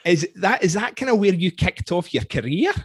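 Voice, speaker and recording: A middle-aged man with a Scottish accent hosts a relaxed interview. He talks in a chatty, storytelling way and laughs easily. His voice sits slightly high and sounds dry and close. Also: normal speed, slightly rough, no room sound. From Scotland. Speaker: podcast host. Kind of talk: casual conversational interview.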